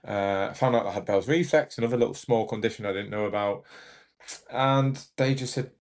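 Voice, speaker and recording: A young man, telling his story as a podcast guest, halting and emotional with many restarts. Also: on the low side, a little mellow. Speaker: podcast guest, Paralympic judo athlete. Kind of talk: candid storytelling in an interview.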